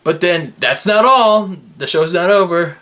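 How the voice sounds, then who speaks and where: A young man recaps a wrestling episode in an unhurried, chatty way. His voice swings widely in pitch as he gets excited or sarcastic. He sounds like a fan ranting to his viewers. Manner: excitable, sarcastic, fluctuating energy. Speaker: wrestling review vlogger. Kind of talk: casual recap commentary.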